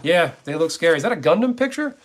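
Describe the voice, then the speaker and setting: Blunt, cursing man with a higher voice. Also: big pitch swings, quick pace. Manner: rambling and blunt, with frequent cursing. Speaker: gaming streamer. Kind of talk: casual live-stream chat with viewers.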